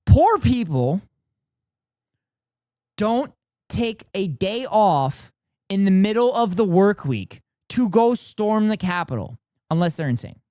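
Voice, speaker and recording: A streamer tearing into a debate video with exasperated, foul-mouthed disbelief. The voice swings widely in pitch between outbursts and grumbles. It sits in a dry, close-miked space. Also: big pitch swings, slow pace, pauses often, darkish tone, dry recording. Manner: exasperated, profane, incredulous outbursts. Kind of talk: live stream reaction commentary.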